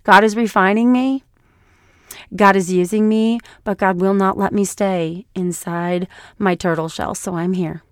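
A middle-aged woman talks straight into the mic on her own podcast, her voice hoarse from weeks of being sick. She is blunt and emotional, pouring out her heart. The sound is dry, with no room around it. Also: mid-range voice, fairly even intonation, a little slow, dry recording. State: hoarse from illness. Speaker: podcast host. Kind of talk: personal podcast monologue.

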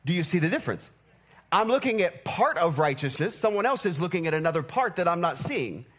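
A man's voice: sits high, big pitch swings, fairly quick, fairly bright tone. A man preaching a sermon, teaching through everyday examples and often checking in with the congregation. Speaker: pastor.

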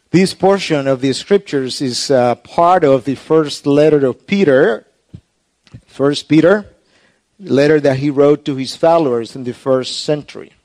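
A man delivering a sermon in an earnest, explanatory way, often restarting his phrases as he works through a text. His voice sits somewhat high for a man, and he speaks slowly and deliberately. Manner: hushed, soft prayer. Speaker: pastor.

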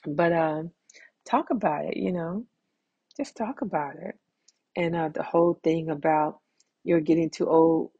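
A woman's voice: sits low, gravelly, darkish tone, breathy edge, dull audio. A woman hosting a casual solo podcast from home, chatty and talking straight to her listeners as "y'all.". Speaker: podcast host.

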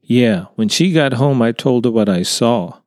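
A man's voice: mid-range voice, lively intonation, measured pace, darkish tone, no room sound, clean studio sound, close to an everyday voice. A man voicing an earnest young contractor who tells his story hesitantly in a storybook reading. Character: earnest younger male contractor, unsettled by a sighting.

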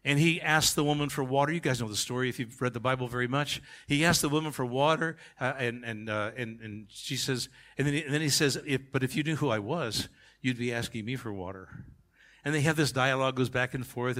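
A male pastor preaching a sermon, emphatic, swinging from quiet asides to shouted climaxes. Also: medium pitch, fast, hardly any pauses.

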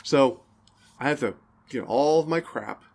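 A man's voice: mid-range voice, a little slow, gravelly, darkish tone. A man co-hosting a podcast, telling long, rambling stories and laughing at them in casual chat. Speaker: podcast co-host.

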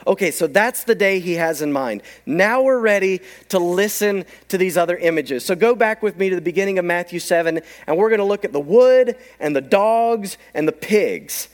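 A man preaching a sermon, telling stories with animated delivery and acting out the people in them. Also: high voice, moderate pace, hardly any pauses. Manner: animated storytelling, acts out quoted voices. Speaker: pastor.

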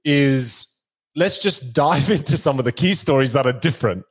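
A man's voice: medium pitch, lively intonation, moderate pace, breathy edge. A man co-hosting a casual podcast, playful and teasing, often restarting his sentences. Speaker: podcast co-host, keynote speaker.

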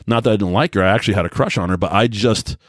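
A man's voice: on the low side, rapid-fire, no echo, studio quality. A man in his forties hosting a solo podcast, telling loose, self-deprecating stories with many restarts and filler words. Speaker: podcast host. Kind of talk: casual solo podcast monologue.

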